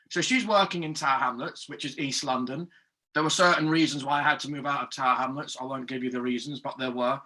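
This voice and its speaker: A bright, higher-pitched man in his thirties from Scotland talks on a video call. He tells his story earnestly, restarting his sentences and stopping to apologize. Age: 30s. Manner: earnest, repeats himself and apologizes. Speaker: meetup participant. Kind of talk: casual group discussion.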